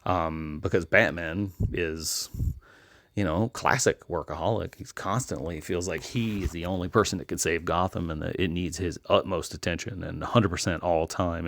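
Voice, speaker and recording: A man hosting a casual solo recommendation segment, talking in a relaxed way with frequent ums and restarts. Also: low voice, creaky, no echo, studio quality. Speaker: host, comic book retailer.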